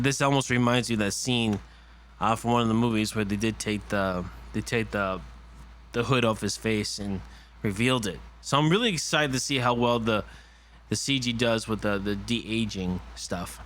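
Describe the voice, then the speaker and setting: A man giving casual reaction commentary on a movie trailer, excitable and rambling as he talks. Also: lowish voice, normal speed, a little hiss or hum. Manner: excitable and rambling, with many fillers and restarts.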